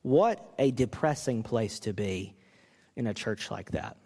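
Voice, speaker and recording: Male pastor mid-sermon, lively swinging delivery, reverberant sanctuary. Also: fairly low pitch, a little slow, creaky. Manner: animated, acts out quoted coaches with rising voice.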